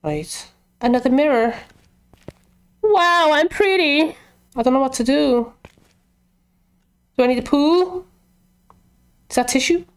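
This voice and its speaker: In a casual horror-game let's-play, a young woman YouTuber muses aloud and shrieks when startled. She has a high voice with a darkish tone and an unhurried pace broken by long pauses.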